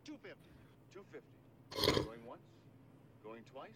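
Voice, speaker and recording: A quick auctioneer calls out bids in a film. His voice sits high and swings around as he sells. It comes from far off, buried under loud vehicle noise. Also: sing-song. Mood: brisk.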